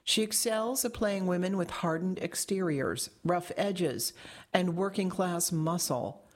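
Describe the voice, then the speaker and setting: A woman reads a long-form article aloud in scripted narration. Her voice sits a little low for a woman. The delivery is measured and articulate. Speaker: narrator reading a magazine article.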